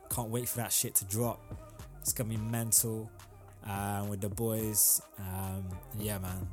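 A relaxed young man chatting on his own podcast, voice sitting on the low side. He rambles loosely, dropping slang and filler words as he goes. Faint music plays underneath. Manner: laid-back, rambling, frequent ums and slang. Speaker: podcast host. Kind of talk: casual solo podcast chat.

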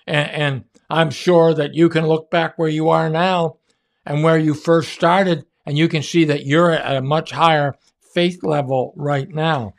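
A man giving an earnest, emphatic sermon-style faith teaching, with drawn-out pauses. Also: fairly high pitch, fairly even intonation, gravelly.

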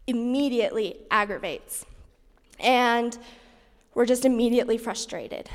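A woman's voice: high voice, big-room sound. A young woman and mother telling a personal story in a candid, reflective way, with many fillers and restarts.

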